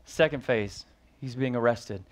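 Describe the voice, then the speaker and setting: A man's voice: medium pitch, a little slow. A man preaching as pastor, reading scripture aloud and then explaining it with rising emphasis and questions to the congregation. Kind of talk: sermon.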